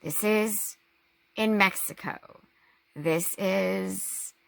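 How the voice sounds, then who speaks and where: A woman talking in a casual personal vlog, halting, with long pauses and restarts. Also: medium pitch, creaky, a bit bright, no room sound. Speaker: vlogger.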